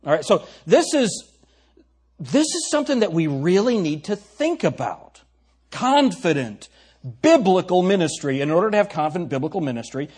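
Brief: male pastor, slightly high husky voice, chatty sermon with questions to the pews. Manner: conversational, asks the congregation questions. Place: church sanctuary.

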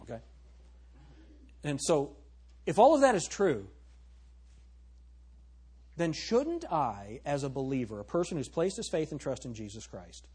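Man, husky, a bit high-voiced, emphatic sermon, middle-aged pastor. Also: a little mellow. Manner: emphatic preaching, asks the congregation questions; turns to a high mocking tone when imitating girls.

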